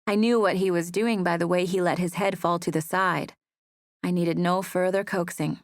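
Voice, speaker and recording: Soft-spoken woman reading a romance audiobook. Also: lowish voice, steady tone, moderate pace, dry recording, clean studio sound. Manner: soft, intimate storytelling. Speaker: audiobook narrator. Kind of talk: first-person romance audiobook narration. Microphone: close studio mic.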